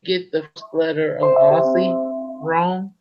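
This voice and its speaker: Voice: mid-range voice, fairly even intonation, slow pace, loud music behind the voice. A host chatting casually and playfully, reading out viewer comments. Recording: dull lo-fi sound.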